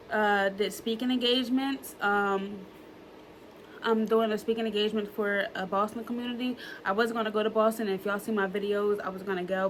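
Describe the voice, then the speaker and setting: A woman's voice: mid-range voice, a bit bright, slight background noise, rough recording. A woman, talking in an earnest, emotional way in a personal reflection vlog, using plenty of fillers and repeating herself. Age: early 30s. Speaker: vlogger.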